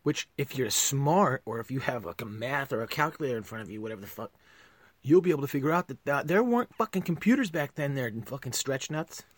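A man hosting a podcast, delivering a profane comedic rant that swings between loud outbursts and low mutters. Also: animated, quick pace, no room sound.

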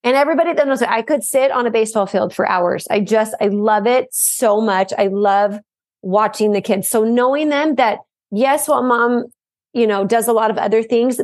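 A mom and program co-founder talking as a guest in a casual interview, loud and energetic by nature, telling stories in an animated way. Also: female voice, medium pitch, dry recording, clean studio sound.

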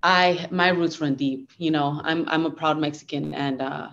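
A woman's voice: sits low, steady tone, moderate pace, a bit bright, lo-fi sound. A young woman fighter talking earnestly and upbeatly as a guest in a casual interview. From United States. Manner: earnest, upbeat, code-switches Spanglish.

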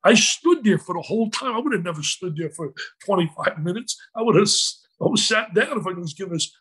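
A man telling a story as an interview guest, in an animated, emotional way. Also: sits high, quick pace, slightly rough, poor audio.

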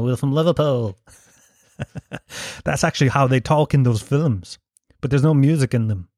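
A man with an Irish accent rants alone into his podcast mic, swearing freely and mocking as he goes. He laughs often between lines. His voice sits at an ordinary middle pitch, and the sound is dry and close. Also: a little mellow, no room sound. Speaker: podcast host. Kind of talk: solo comedic podcast rant.

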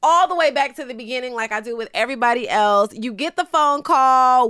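A woman's voice: on the high side, a bit bright, no echo, studio quality. A woman co-hosting a podcast, effusive and chatty, cooing over her guest. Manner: effusive, drawn-out "aw"s. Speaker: podcast co-host. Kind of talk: casual interview chat.

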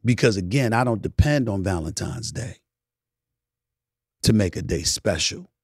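A man hosting a podcast in a casual monologue, emphatic, swinging between loud preaching and low murmurs, now and then singing bits of old soul songs. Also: lively intonation, a little slow, creaky, slightly rough, no room sound, studio quality. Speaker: podcast host.

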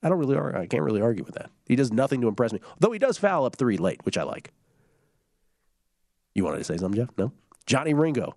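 A man's voice: medium pitch, very animated, gravelly, a little mellow, no echo. A man hosting a sports betting show, chatting casually and reading listener tweets aloud, humming fillers between them. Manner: quick, loose delivery with filler hums and restarts.

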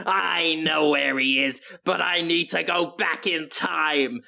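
A comedy podcast host voicing a bumbling Victorian detective who declares every step out loud. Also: mid-range voice, slow, vocal fry, heavily acted. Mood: earnest. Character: bumbling Victorian detective, male, adult, earnest.

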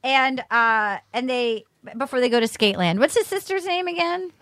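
A young woman chats and recaps with bubbly energy, often breaking into laughter and doing voices. Her voice sits high and swoops widely. The sound is close and dry. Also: moderate pace, dry recording. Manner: animated, laughing, quoting others in silly voices. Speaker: podcast co-host. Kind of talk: casual chat recapping a reality show.

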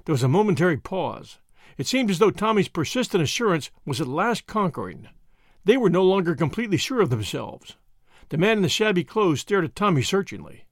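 A man reading a novel aloud as narrator, with expressive storytelling on a close studio mic. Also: high-pitched, fairly quick, no room sound. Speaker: audiobook narrator. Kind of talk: scripted narration.

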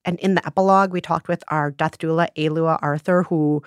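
A woman's voice: low-pitched, steady tone, brisk, clean tone, no echo, clean studio sound. A woman co-hosting a podcast, talking earnestly and reflectively in casual chat. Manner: earnest, warm laughter, reflective. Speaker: podcast co-host.

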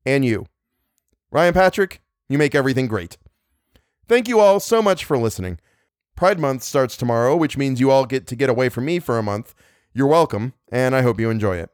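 A man's voice: medium pitch, sing-song, moderate pace, no echo, clean studio sound. A man hosting a story podcast, chatting casually and joking at his own expense. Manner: playful, self-mocking, exaggerated groaning. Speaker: podcast host and reader. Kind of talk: casual podcast outro and outtakes.

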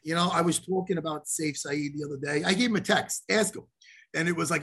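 A man hosting a podcast, telling a story in a profane, animated way and acting out the lines of the people in it. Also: fairly high pitch, fast, breathy edge. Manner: profane, animated storyteller who acts out quotes. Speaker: podcast host. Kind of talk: casual storytelling chat.

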